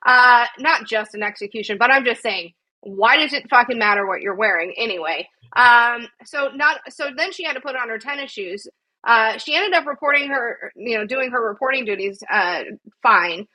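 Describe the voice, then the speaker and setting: Bright-voiced woman podcast co-host. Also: fairly high pitch, normal speed, poor audio. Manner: rambling, frequent swearing, indignant asides. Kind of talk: casual news chat.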